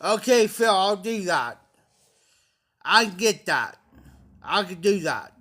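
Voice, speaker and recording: A man's voice: sits high, very animated, slow pace, fairly bright tone. A man hosting a casual livestream, talking anxiously to viewers, pleading for help and repeating himself. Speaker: livestream host.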